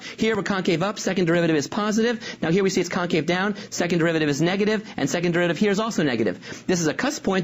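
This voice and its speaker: Brief: upbeat math teacher racing through a review, breathy edge. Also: mid-range voice. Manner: enthusiastic, upbeat explaining. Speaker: calculus teacher. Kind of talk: rapid course review lecture.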